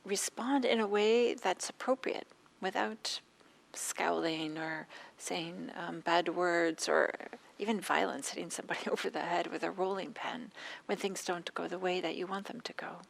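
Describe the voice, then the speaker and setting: A woman meditation teacher giving a dharma talk, with a scratchy throat, telling stories in an unhurried way that often trails into soft whispers. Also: fairly low pitch, steady tone, gravelly.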